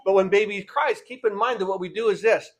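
A man's voice: high-pitched, a little fast. An older man, a pastor, preaching a sermon, asking his listeners rhetorical questions and acting out the voices he quotes.

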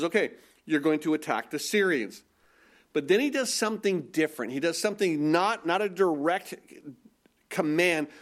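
A male preacher delivering a sermon in a fairly high voice. He builds to emphatic peaks and then slows down to dwell on scripture. He repeats words and restarts phrases as he talks. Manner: animated, rising to emphatic peaks then slowing to stress quoted verses.

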